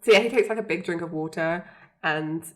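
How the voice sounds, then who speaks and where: A woman's voice: on the low side, brisk. Chatty woman podcast co-host. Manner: chatty, frequent fillers and laughter, quotes characters. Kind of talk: casual chat recapping a TV episode.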